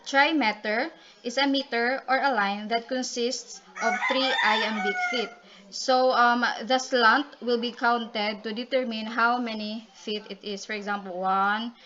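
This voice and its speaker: A woman with a fairly high, steady voice gives a class report, unhurriedly reading out definitions while often saying um and starting over. The audio is dull and lo-fi, with heavy noise.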